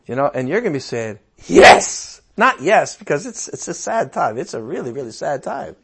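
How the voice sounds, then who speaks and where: A male preacher with a high voice that leaps up and down as he talks. He keeps the sermon casual and chatty, throws in playful asides and bursts out loudly to make a point. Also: fairly quick, creaky, husky. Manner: animated and conversational, with playful asides and sudden outbursts.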